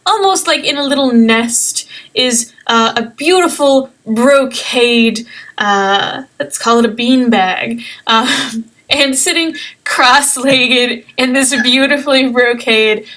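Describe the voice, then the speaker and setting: Young woman running a tabletop game; high voice, slow, chatty and giggly. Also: fairly bright tone. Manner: chatty, giggly, many ums. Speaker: game master.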